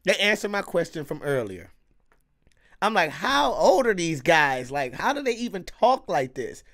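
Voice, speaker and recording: A man's voice: fairly high pitch, very animated, normal speed, a bit bright. A man hosting a reaction video, casually commenting with slang, exclamations and frequent laughter.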